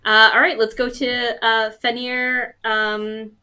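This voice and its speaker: A woman narrating a tabletop game as game master, casual and quick to laugh. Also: fairly high pitch, level tone, pushed and bright, clear, resonant tone. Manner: casual and chatty, laughs easily.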